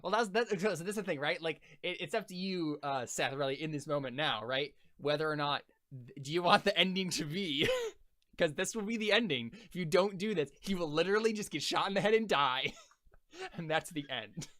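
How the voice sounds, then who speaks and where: A man's voice: a little high, fairly quick, sharp tone. A man running a tabletop role-playing game as game master, talking casually and hesitantly, with many fillers.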